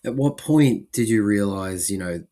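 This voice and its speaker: A man's voice: fairly low pitch, animated, measured pace, warm tone. A man with an Australian accent hosting a podcast, chatty and upbeat as he introduces and questions his guest. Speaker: podcast host. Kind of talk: casual podcast interview.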